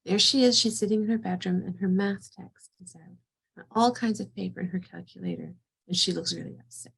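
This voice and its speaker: Middle-aged lady therapist walking a group through a story, gravelly voice, a bit husky. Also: medium pitch, brisk. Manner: vivid storytelling in first person. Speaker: psychotherapist and group trainer. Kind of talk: training demonstration through a personal scenario.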